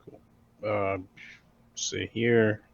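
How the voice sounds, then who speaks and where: Low-voiced hesitant gamer man. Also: flat delivery, extremely slow, creaky, no room sound, lo-fi sound. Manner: hesitant, thinking aloud. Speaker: player. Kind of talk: casual tabletop game play.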